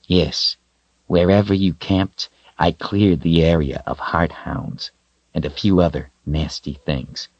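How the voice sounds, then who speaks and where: Man doing gruff protective wolf, very deep, low growl, slow. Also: fairly even intonation, no echo, dull audio, exaggerated voice. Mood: earnest. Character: large male wolf, gruff, loyal, protective.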